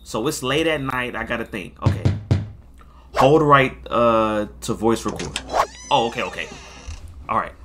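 A man's voice: mid-range voice, moderate pace, long pauses. A young man casually commenting on a game he plays, in a playful, joking way. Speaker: gamer. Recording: loud game music behind.

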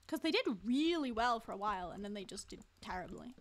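A woman with a mid-range, expressive voice talks fast while streaming a game live. She chats casually with viewers and teases them as she plays.

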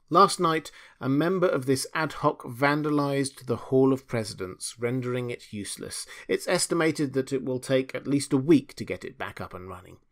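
A man voicing a stern woman leading a meeting, in measured, firm tones, in an audiobook. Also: medium pitch, fairly bright tone, pitched above the performer's own voice. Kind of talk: audiobook dialogue.

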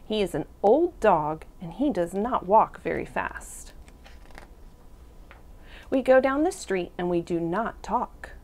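A woman reads a children's picture book aloud at story time. Her pitch moves a lot as she reads, and she takes her time over each line. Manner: slow, expressive reading. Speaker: storytime reader.

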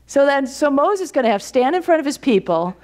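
A woman's voice: sits high, big pitch swings, fast talker, darkish tone. A woman minister giving a sermon in a church sanctuary, in a conversational, storytelling way. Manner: conversational, storytelling, frequent "you know".

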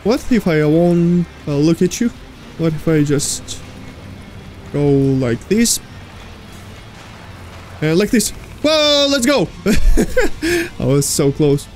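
High-voiced man talking through a horror game. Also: expressive, takes it slowly, long pauses, warm tone, slight background noise. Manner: talks to the game's creatures, jokey and easily startled. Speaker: gaming streamer. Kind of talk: let's play commentary.

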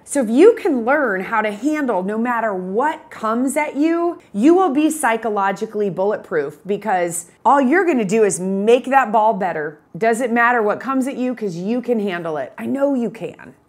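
A woman in her fifties gives an energetic motivational talk as a photography business coach. She tells stories in a chatty way, and her voice sits slightly high. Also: moderate pace, few pauses.

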